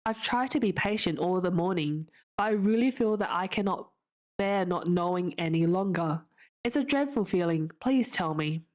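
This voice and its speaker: A woman voicing an eager, emotional orphan girl who pleads in a high, breathless voice. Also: lively intonation, normal speed, close to an everyday voice. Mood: imploring.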